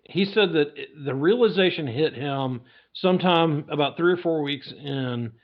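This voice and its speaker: A man's voice: fairly high pitch, moderate pace. Thoughtful man, muffled lo-fi audio. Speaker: podcast guest. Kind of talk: casual chat.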